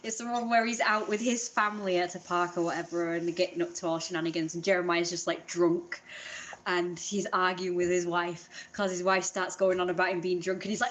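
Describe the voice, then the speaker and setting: A woman's voice: lowish voice, level tone, a little fast, a bit bright, slight background noise. A woman chatting casually in a vlog, rambling and self-deprecating. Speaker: vlogger.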